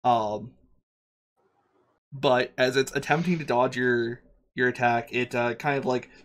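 A man's voice: medium pitch, steady tone, a little slow, a bit bright. A man narrating a tabletop game as game master, rambling with many fillers and restarts.

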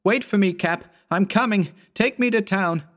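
A man voicing a frightened twelve-year-old country boy who pleads in a high, strained voice. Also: very animated, brisk. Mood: pleading.

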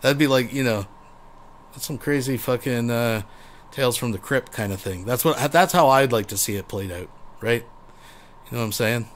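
A man's voice: mid-range voice, normal speed, slight background noise. A man hosting a commentary show, sarcastic and profane as he mocks the video he plays. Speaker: commentary channel host. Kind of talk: mocking commentary.

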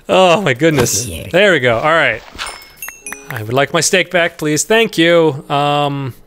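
A man's voice: on the high side, lively intonation, slow, long pauses. A man hosting a let's play in casual gameplay commentary, rambling along and chatting to the creatures in the game, with easy laughs and sudden yelps. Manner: laughs easily, bursts into loud yelps.

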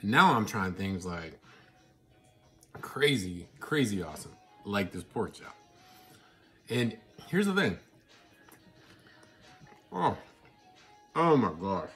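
A man talking casually to his viewers while he eats, chatty and excitable, with mouthfuls and happy murmurs between his sentences. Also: on the low side. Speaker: vlogger. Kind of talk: casual eating vlog.

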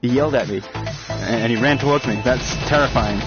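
A young man giving excited, swearing let's-play commentary on a shooting game. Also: mid-range voice, a little fast. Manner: loud excited outbursts, swearing, jokey. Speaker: gaming YouTuber. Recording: slightly dull lo-fi audio with loud game music.

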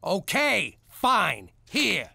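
A gravelly blustering mob dad. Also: male voice, sits high, huge pitch swings, very slow, very noisy, full character voice. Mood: pleading. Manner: gruff, exasperated, prone to yelling. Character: blustery mob-guy dad, soft on his daughter. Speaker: strip club owner and father. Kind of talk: adult cartoon voice acting.

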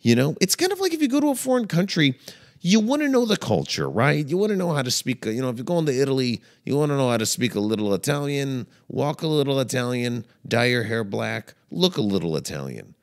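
A man's voice: sing-song, fairly quick. A man hosting a comedy podcast, delivering a playful, mock-dramatic monologue. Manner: playful, mock-dramatic, swings between low mutters and high exclaims.

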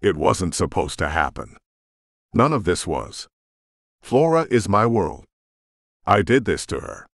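A man's voice: low voice, sing-song, unhurried, gravelly, long pauses, no room sound, studio quality, exaggerated voice. A man voicing a proud, stern male god who is an estranged father, speaking in a cold, clipped, commanding way. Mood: broken. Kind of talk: audiobook character voice.

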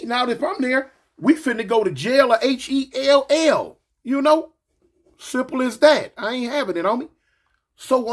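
A man's voice: high-pitched, a bit bright. A middle-aged man with a lisp, telling a story from his past in casual, slangy speech with many fillers and restarts.

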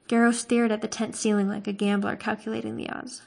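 A woman reads a fantasy novel aloud as a storybook narrator. Her narration is steady and unhurried, with small slips she corrects as she goes. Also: medium pitch, creaky. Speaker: reader.

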